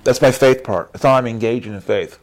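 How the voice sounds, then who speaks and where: Animated male preacher. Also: medium pitch, fairly quick. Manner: acts out church members in character voices, says "right?" often. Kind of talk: animated sermon.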